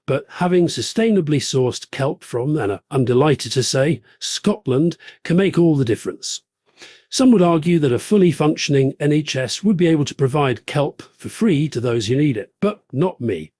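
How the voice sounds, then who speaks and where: Guy doing a smug bragging podcast host, rambly, mid pitch, dry close sound. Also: darkish tone, no room sound, close to an everyday voice. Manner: boastful, name-dropping, rambling. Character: pompous jet-setting male podcast host, smug. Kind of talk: satirical podcast parody.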